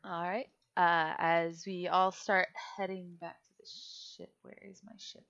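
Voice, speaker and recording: A woman narrating a tabletop game as its game master, speaking casually and filling pauses. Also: fairly low pitch, level tone, vocal fry, a bit bright. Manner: casual with many fillers. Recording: dull lo-fi audio.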